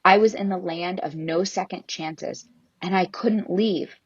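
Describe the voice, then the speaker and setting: An anxious little boy begs for forgiveness in a low, husky voice, as a woman reading a story acts him out. The sound is dry and a bit dull. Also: measured pace, no echo. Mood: pleading. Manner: pleading. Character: anxious young boy in trouble.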